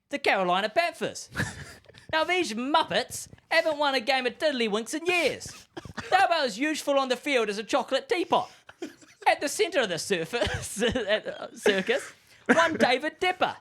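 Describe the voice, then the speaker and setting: Brief: man doing a bloke spinning conspiracy yarns, shaky put-on British accent, lively swooping delivery. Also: extremely high pitch, heavily acted. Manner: spinning a yarn, full of slang and wild comparisons. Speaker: podcast co-host. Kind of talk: comedic scripted rant.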